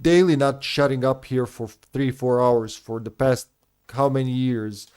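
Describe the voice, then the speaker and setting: A man in his thirties whose first language is not English chats candidly with his live audience while streaming a game. His voice sits at an ordinary, middling pitch, and he speaks to his viewers directly by name. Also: steady tone, a little slow, a little mellow, smooth. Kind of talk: casual chat with live viewers.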